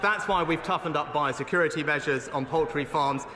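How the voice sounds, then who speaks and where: A man, a politician, giving a measured, formal parliamentary answer with a few hesitant fillers. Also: fairly high pitch, pushed and bright, a little hiss or hum. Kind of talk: parliamentary speech. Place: large debating chamber. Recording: echoey chamber with murmuring crowd.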